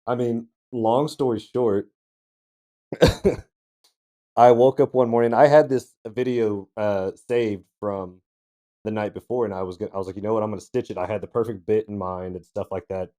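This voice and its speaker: A man's voice: on the low side, fairly even intonation, normal speed, dark tone. A man co-hosting a casual podcast chat, telling a laid-back story with chuckles. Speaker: co-host.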